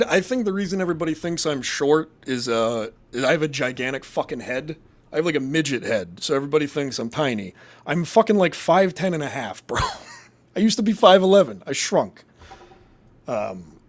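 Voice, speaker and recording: A man's voice: on the high side, sing-song, normal speed. A man from Massachusetts hosting a casual live show, reading chat and rambling in a crude, profane, jokey way.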